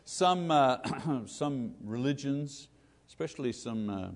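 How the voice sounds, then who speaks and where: A man's voice: mid-range voice, lively intonation, takes it slowly. A man giving a Bible teaching sermon, emphatic and conversational, putting questions to his listeners. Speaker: preacher. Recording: long hall reverb.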